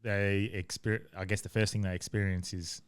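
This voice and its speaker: Smooth-voiced man in chat. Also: on the low side, little pitch movement, normal speed. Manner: short upbeat reactions, slangy. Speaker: podcast co-host. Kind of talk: casual chat.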